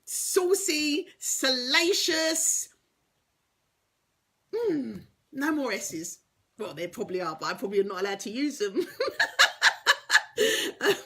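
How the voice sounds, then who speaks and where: A woman's voice: on the high side, a bit bright. A woman life coach chatting casually and playfully to viewers on a live video stream, teasing them and laughing often. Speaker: life coach and motivational speaker. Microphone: webcam or phone on a live video stream.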